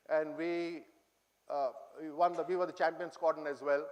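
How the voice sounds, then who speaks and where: A middle-aged man with an Indian English accent, speaking to cadets in an auditorium, telling humorous memories and quizzing his listeners. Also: sits high. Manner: humorous, reminiscing, quizzes the audience. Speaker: guest speaker addressing cadets. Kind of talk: anecdotal speech to an audience.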